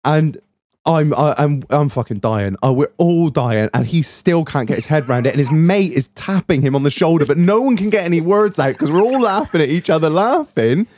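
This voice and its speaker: A man's voice: fairly high pitch, expressive, normal speed, darkish tone, dry recording. Laughing, swearing young Englishman. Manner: swearing, laughing through the story. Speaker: podcast host. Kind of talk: casual storytelling chat.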